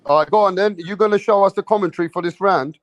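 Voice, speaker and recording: A man with a London Cockney accent, hosting a boxing watch-along with brash banter and quick fight commentary. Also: high voice, dry recording, muffled recording. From England. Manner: brash, banter-heavy, swears freely. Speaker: host running a live boxing watch-along. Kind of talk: casual group chat and live fight commentary.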